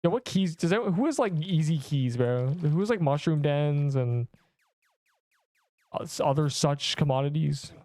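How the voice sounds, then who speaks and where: A man's voice: fairly high pitch, unhurried, a little mellow. A young man streaming a video game, chatting casually and rambling to his viewers. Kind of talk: casual live-stream commentary.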